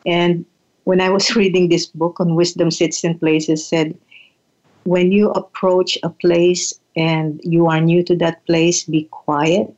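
An older woman telling reflective stories in an unhurried, halting way, often repeating words as she thinks. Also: lowish voice, little pitch movement, a little mellow, lo-fi sound. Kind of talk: reflective storytelling.

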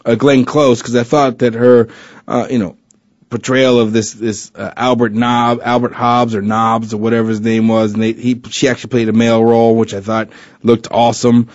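A man with a medium-pitched voice and flat delivery speaks at normal speed as host of a casual chat show. The recording is dry, dull, and lo-fi, and he rambles chattily with lots of fillers and restarts, joking as he goes.

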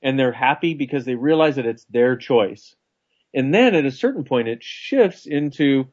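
A man's voice: mid-range voice, animated, normal speed, darkish tone, muffled recording. A man co-hosting a radio talk show, chatting casually, joking and laughing easily. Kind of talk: casual chat.

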